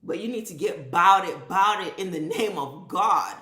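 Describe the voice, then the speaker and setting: A woman's voice: on the low side, expressive, moderate pace, pushed and bright, roomy sound. A woman vlogger delivering an impassioned, profane commentary rant, driving her points home with emphatic repetition.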